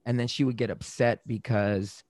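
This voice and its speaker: A man in casual conversation about relationships, animated, acting out quoted arguments in raised voices. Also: mid-range voice, normal speed, no room sound, clean studio sound.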